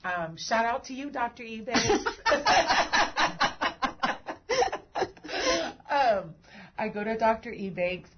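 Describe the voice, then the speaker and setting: A woman's voice: on the high side, animated, normal speed, dull audio, noisy background. A woman host and breast cancer survivor who tells her own story, laughing and tearing up easily. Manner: emotional, laughs and cries easily. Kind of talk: emotional conversation.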